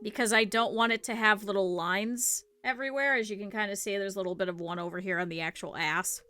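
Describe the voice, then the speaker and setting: A woman's voice: medium pitch, fast, sharp tone, no echo. A young woman with a Midwestern accent chatting casually and rambling as she streams her needle-felting craft. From northern Ohio, US. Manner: rambling, chatty, thinks aloud. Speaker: VTuber streamer. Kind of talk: casual chat while crafting.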